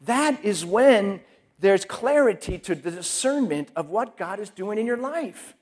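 A man's voice: high voice, lively intonation, a little slow, a little mellow, slightly rough. A man preaching a sermon in a conversational way, acting out people's inner voices.

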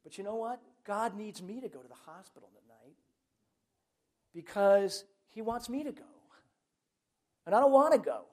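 A middle-aged man, a Catholic priest, preaching in a chatty, animated way with self-mocking humor and personal stories. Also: sits high, moderate pace, long pauses. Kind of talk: lively sermon with personal stories.

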